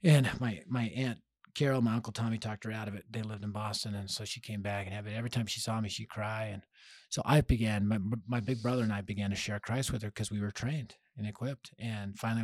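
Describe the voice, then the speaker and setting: A man's voice: lowish voice, slightly rough, dry recording. A man telling his life story on a podcast with energy, acting out the people he quotes. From Denver, United States. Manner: energetic, acts out quoted voices, punchy. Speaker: podcast guest, youth ministry leader. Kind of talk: animated storytelling interview.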